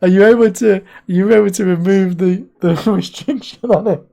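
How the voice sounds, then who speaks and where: An excitable man chats loosely on a live stream, laughing a lot and jumping up into high yelps. His voice is mellow and soft-edged, talking into a desk mic. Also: moderate pace, vocal fry. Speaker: streamer host. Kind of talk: casual live-stream chat.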